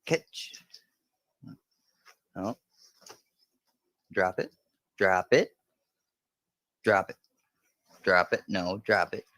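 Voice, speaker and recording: A man's voice: deep voice, drawn-out words, pauses often, pushed and bright, no room sound. A man livestreaming from home, playfully chatting with his dog in a bouncy, sing-song way. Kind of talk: casual livestream chat.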